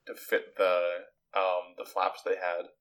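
Man, podcast host, casual chat, explanatory, laughs often, lowish voice. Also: completely flat delivery, takes it slowly, fairly bright tone. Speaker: podcast host presenting clips.

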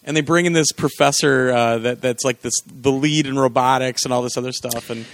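A man co-hosting a podcast, chatting casually and laughing often as he retells TV scenes with excitement. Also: medium pitch, fairly quick, dry recording, studio quality. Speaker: podcast co-host. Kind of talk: casual chat about TV.

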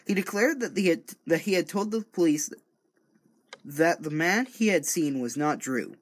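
Guy reading old murder case out loud, fairly high voice, keeps fumbling words and joking around. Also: very animated, measured pace. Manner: stumbling, self-correcting, rambling. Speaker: true-crime reader and commentator. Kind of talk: casual reading aloud with jokey asides. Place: home recording studio.

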